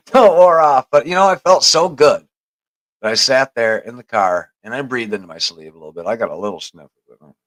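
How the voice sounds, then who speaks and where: A man's voice: mid-range voice, animated, moderate pace, a bit bright, no echo, rough recording. A man hosting a podcast, telling a long, profane story in a rambling, casual way. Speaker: podcast host.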